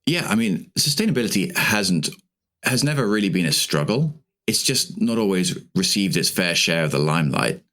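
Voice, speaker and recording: A man answering as a winery guest in an interview, measured and explanatory. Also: deep voice, very animated, fairly bright tone.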